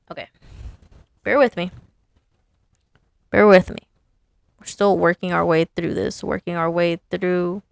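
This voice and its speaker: A woman's voice: on the low side, gravelly, no room sound. A woman sign designer casually talking through her work, chatty and self-amused, thinking aloud as she designs. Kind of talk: casual design commentary while working.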